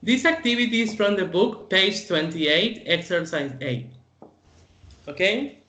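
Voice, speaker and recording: A man's voice: sits high, animated, a little slow, pushed and bright, reverberant. A male English teacher whose first language is Spanish, patiently explaining grammar in an online class and often checking in with "okay?".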